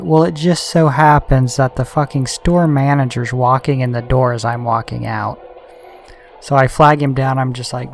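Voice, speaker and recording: A man talks over a strategy game he is playing, ranting and swearing freely. His voice sits at an ordinary middle pitch, and soft game music plays underneath. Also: steady tone, moderate pace. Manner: heated, ranting, heavy swearing. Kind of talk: gaming commentary with a profane rant.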